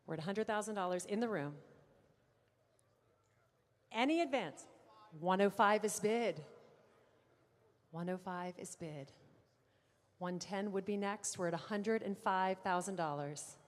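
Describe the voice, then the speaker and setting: Woman auctioneer calling bids in a hall. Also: medium pitch. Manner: brisk bid-calling with playful asides to bidders. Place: large auction room. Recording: long hall reverb.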